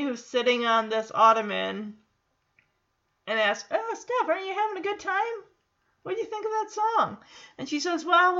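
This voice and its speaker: Brief: high-voiced woman, casual sarcastic recapper, muffled lo-fi sound. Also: fairly bright tone. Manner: sarcastic, laughs often, reads out lines. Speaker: episode recapper.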